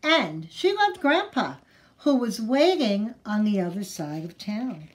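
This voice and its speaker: A woman leading a children's storytime as librarian, singing and reading aloud in a gentle, encouraging way. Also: mid-range voice, very animated, slow pace, slight background noise. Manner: gentle, encouraging, sing-song.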